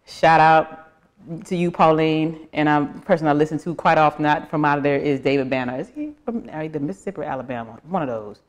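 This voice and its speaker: A middle-aged woman with a Southern US accent hosts a casual livestream, chatting and greeting viewers by name. Her voice is deep and fairly quick.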